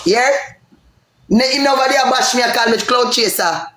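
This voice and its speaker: Brief: high-voiced Jamaican man, furious, cursing at someone in an echoey room. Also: moderate pace, pushed and bright, a little hiss or hum. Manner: angry, cursing, confrontational. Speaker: live streamer. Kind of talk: heated argument on a livestream.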